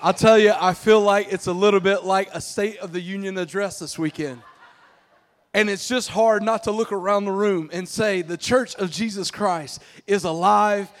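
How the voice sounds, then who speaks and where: A man pastor preaching a lively, jokey sermon to his congregation, getting them to repeat phrases back. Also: high voice, normal speed, slight background noise. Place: church auditorium with congregation.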